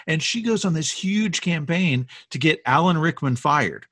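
A man's voice: fairly high pitch, measured pace, hardly any pauses, slightly rough, no echo. A man co-hosting a podcast, casually retelling film history with enthusiasm. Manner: enthusiastic storyteller, animated retellings. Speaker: podcast co-host.

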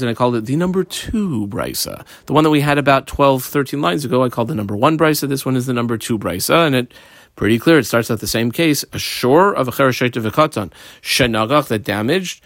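Lively-voiced man teaching a Talmud page. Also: mid-range voice, dry recording. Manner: explains line by line, marking up the page as he goes; switches between quick asides and slow, stressed phrases. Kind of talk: page-by-page study lesson.

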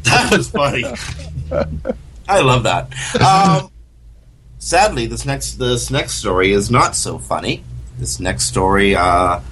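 A man co-hosting a radio talk show, chatting casually and often halting with fillers and repeats. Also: mid-range voice, fairly bright tone, slight background noise.

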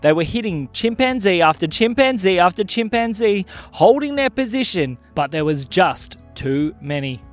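A man telling a children's story with a bright, animated voice that rises high and swings widely. Faint music plays under him. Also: moderate pace, few pauses. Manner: lively, playful storytelling. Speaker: podcast storyteller.

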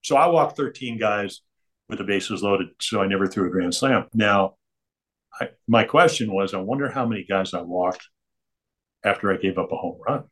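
Older male guest, lowish voice, rambling anecdotes, chatty with easy chuckles. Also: moderate pace, fairly bright tone. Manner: chatty, digressive, chuckles between stories. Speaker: interview guest.

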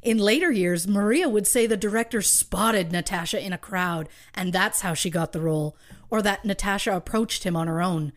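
A woman's voice: medium pitch, moderate pace. Woman telling a true crime story wryly. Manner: wry, reads research with asides and laughs. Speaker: podcast co-host.

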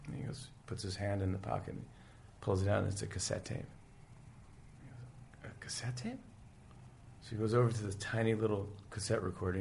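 On a podcast, a male guest tells stories with animation, acting out each scene in casual conversation. His low voice is gravelly, with slight background noise in the recording.

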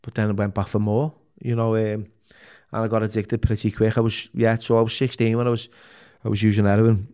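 His voice is on the low side, fairly quick, darkish and clean, with little pitch movement. A Liverpool native with a matching accent, he guests on a podcast, telling his life story frankly and emotionally amid heavy swearing and many restarts.

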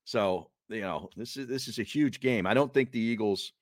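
A man's voice: fairly low pitch, moderate pace, no echo, clean studio sound. A man co-hosting a casual sports podcast, chatty and opinionated. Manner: chatty, opinionated, does mocking voices. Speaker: podcast co-host.

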